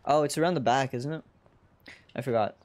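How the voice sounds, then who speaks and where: A man's voice: medium pitch, fairly quick, a little mellow. A man giving casual, chatty gameplay commentary as a streamer, rambling and giggling.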